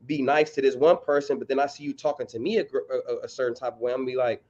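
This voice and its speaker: A man's voice: mid-range voice, fairly even intonation, very fast, darkish tone, muffled recording. Blunt slangy man arguing sports. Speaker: podcast co-host. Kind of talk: casual sports chat.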